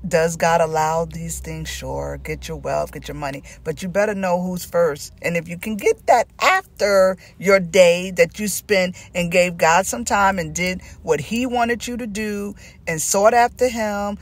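A middle-aged Christian teacher with a Southern US accent gives an informal sermon, leaning on emphatic repetition. Her voice is low and unhurried.

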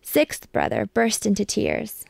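A woman reading a picture book aloud with measured, expressive storytelling. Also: mid-range voice, gravelly, no room sound, clean studio sound. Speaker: storybook reader.

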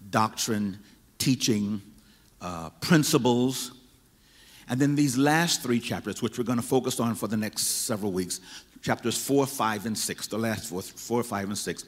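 A man's voice: fairly low pitch, slightly rough. A man preaching a sermon as pastor, repeating and stressing his words as he builds emphasis. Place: church sanctuary. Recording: reverberant church hall.

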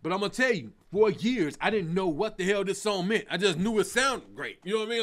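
A middle-aged man, a comedian, counting down songs in a casual, animated way, swearing, laughing and breaking into snatches of song. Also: sits high, fairly quick, few pauses. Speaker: comedian host.

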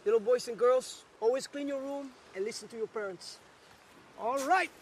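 A childlike, tantrum-prone game villain who swings from sneering calm to profane bursts. His voice sits very high for a man. A faint hum of game ambience runs underneath. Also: normal speed. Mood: mocking. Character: volatile, mocking adult male game villain prone to tantrums. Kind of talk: video game cutscene acting.

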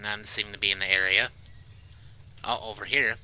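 A man giving casual let's-play commentary, jumpy and swearing, with loud reactions to scares. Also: on the low side, fairly even intonation, normal speed, smooth, poor audio. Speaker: gaming YouTuber.

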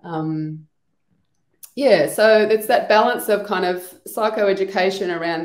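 A woman's voice: mid-range voice, unhurried. A woman, an EFT trainer, explaining her work in a casual, thinking-aloud way on a video call. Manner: chatty, thinks aloud with many "you know" asides. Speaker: EFT trainer and trauma practitioner guest. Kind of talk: casual explanatory interview talk. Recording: echoey room.

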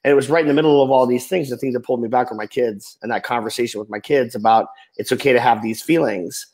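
Earnest guy in his 40s talkin candidly, voice gets soft and trails off, medium pitch. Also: steady tone, fast, poor audio. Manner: earnest, emotional, often trailing off softly. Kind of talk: candid personal storytelling.

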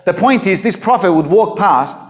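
Pastor, fairly high voice. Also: male voice, animated, moderate pace. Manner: conversational, emphatic storytelling. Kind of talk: sermon.

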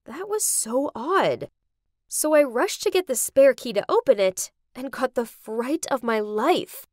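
Young female narrator, high-pitched and dramatic, dry read for an animated story. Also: a little slow, no echo. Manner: dramatic, expressive.

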